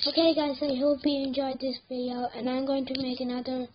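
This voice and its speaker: Excitable high-voiced woman gaming. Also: fairly quick, few pauses, dull audio, slight background noise. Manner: excitable, yelling at the game, repeats words. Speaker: gameplay commentator. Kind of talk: live gameplay commentary.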